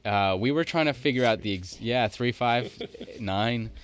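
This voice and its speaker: A man's voice: medium pitch, unhurried, clear, resonant tone. A man co-hosting a podcast in casual chat, thinking aloud in long run-on sentences. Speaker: podcast co-host.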